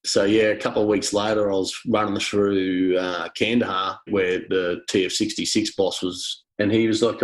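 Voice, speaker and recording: A man's voice: deep voice, little pitch movement, normal speed, low-quality recording. An Australian man, a special forces veteran, telling combat stories in a blunt, matter-of-fact way with some swearing. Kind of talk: casual storytelling interview.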